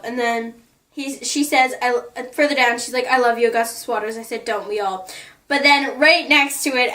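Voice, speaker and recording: A woman's voice: fairly high pitch, pushed and bright, far from the mic. A woman vlogger chatting in a gushing way about the notes she wrote in a book, often laughing. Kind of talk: casual chat, reading out her notes.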